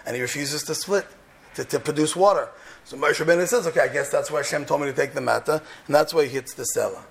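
A man giving an impassioned sermon on the Torah portion, swinging from loud rhetorical questions to soft, hushed lines and peppering his English with Hebrew terms. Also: a little high, quick pace, creaky. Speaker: Torah teacher.

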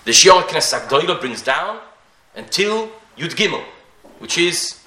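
A man's voice: fairly high pitch, very animated, unhurried, bright, forceful tone. A man teaching a Talmudic-style Torah class, posing rhetorical questions and often restarting his sentences, with Hebrew and Yiddish terms woven into his speech. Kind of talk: Talmudic lecture. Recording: echoey room.

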